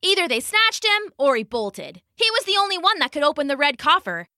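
A quick-talking young sorceress from a fantasy storybook, wry and brisk, as a woman reading aloud puts her on. Her voice sits a little high and comes across bright and sharp, close and dry. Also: big pitch swings, no room sound, full character voice.

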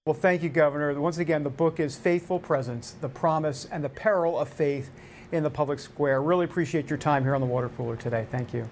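A man's voice: on the high side, a little fast, slight background noise. A man from New York hosting a radio talk show, chatting casually and joking around. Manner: jokey, animated, puts on voices.

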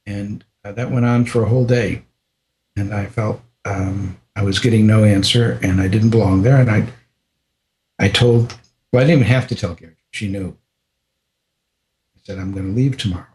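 Older man telling a halting story. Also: fairly low pitch, fairly even intonation, slight background noise. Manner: halting, many restarts, drops to a soft voice. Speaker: interviewee. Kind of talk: personal storytelling.

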